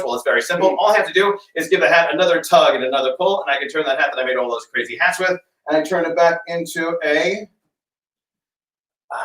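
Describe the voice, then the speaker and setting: A man doing comic magic show patter, chatty and halting with many fillers, over a video call. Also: fairly high pitch, fairly bright tone. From United States. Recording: roomy sound, distant from the mic.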